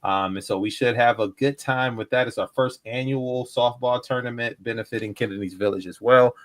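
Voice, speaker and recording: A man's voice: mid-range voice, fairly even intonation, a little fast. A man co-hosting a casual podcast, making announcements in an easygoing way, with fillers and laughter. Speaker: podcast co-host, charity organizer.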